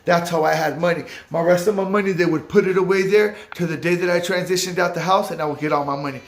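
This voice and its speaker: A man's voice: sits high, steady tone, quick pace, reverberant. A man telling a personal story to camera in casual, profane street slang. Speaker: vlogger recounting a recovery-home stay.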